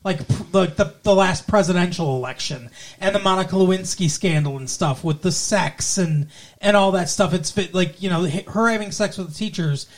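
A young man with a notably high-pitched voice chats casually about a film. His talk rambles, full of fillers, false starts and self-corrections. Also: moderate pace. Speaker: podcast co-host reviewing a film. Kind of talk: casual conversation.

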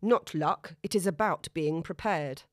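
A woman voicing Olga, a stern, ever-prepared woman who speaks in slow, clipped, curt phrases. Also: low voice, no room sound, clean studio sound.

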